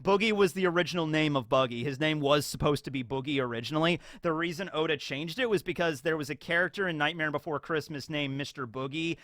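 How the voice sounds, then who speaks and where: Bright animated guy recapping a show, dry close sound. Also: a little high, fast, few pauses, no room sound. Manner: animated, often acting out scenes. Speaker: YouTube show reviewer. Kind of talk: casual episode recap.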